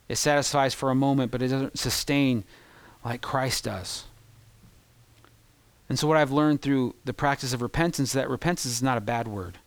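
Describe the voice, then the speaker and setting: A man preaching a sermon as pastor, impassioned, swinging between loud peaks and hushed, confessional asides. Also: mid-range voice, dry recording.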